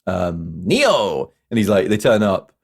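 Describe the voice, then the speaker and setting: A man's voice: low voice, slow, slightly rough. A young man co-hosting a podcast, talking eagerly about a film he loves. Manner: enthusiastic, animated retelling. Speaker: podcast co-host. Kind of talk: casual film review chat.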